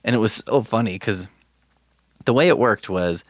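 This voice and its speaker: A man's voice: fairly low pitch, normal speed, no echo, clean studio sound. A man hosting a podcast, talking casually in a rambling, profane, wry way. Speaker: podcast host. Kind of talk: casual chat.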